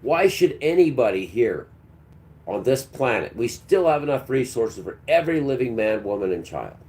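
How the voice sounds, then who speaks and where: A man's voice: mid-range voice, sing-song, moderate pace, darkish tone. A man hosting a livestream, delivering a preachy, combative monologue and talking back to his chat. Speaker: livestream host.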